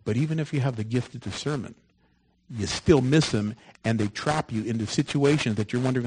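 A man preaching a sermon, moving from loud, emphatic lines to soft, hushed ones. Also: medium pitch, fairly quick, a little hiss or hum, poor audio.

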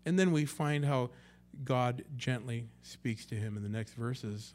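Male pastor, conversational sermon, mid-pitched voice, dynamic loud-soft delivery, acts out quotes. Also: measured pace, a little hiss or hum. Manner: conversational, swings between loud and hushed.

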